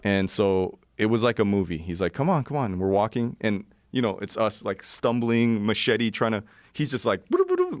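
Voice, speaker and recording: Animated, low-voiced man in his forties. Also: dry recording, muffled recording. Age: 40s. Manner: animated, profane storyteller who acts out quotes. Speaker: podcast guest. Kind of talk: casual storytelling.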